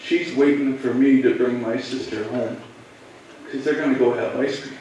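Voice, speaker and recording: A man, a police officer, telling students a personal story in a halting, emotional way. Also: medium pitch, fairly even intonation, darkish tone, a little hiss or hum. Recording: echoey room, voice from far off.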